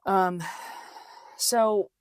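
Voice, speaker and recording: A woman's voice: medium pitch, steady tone, extremely slow, no echo, studio quality. A woman hosting a casual solo podcast, talking chattily with lots of fillers and restarts. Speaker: podcast host, physical therapist.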